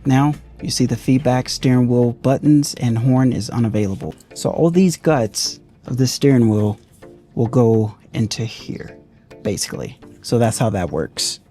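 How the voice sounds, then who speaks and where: Soft background music accompanies a car DIY reviewer whose mid-range voice is mellow and expressive. He takes his time, walking viewers through a hands-on car repair while thinking aloud, loose and conversational.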